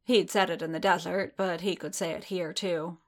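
Woman reading fic aloud, steady, lowish voice. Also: moderate pace. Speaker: reader. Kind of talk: audiobook narration of fan fiction.

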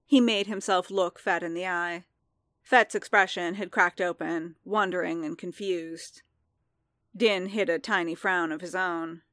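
Woman narrator, calm measured reading, slow, lowish voice, dry close mic. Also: dry recording. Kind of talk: audiobook fan fiction reading.

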